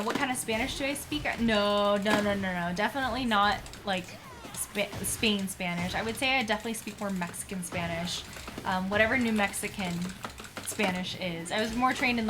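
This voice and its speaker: A woman in her thirties, a doctor in training, chatting casually on a live stream in a bubbly way, with many fillers. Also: mid-range voice.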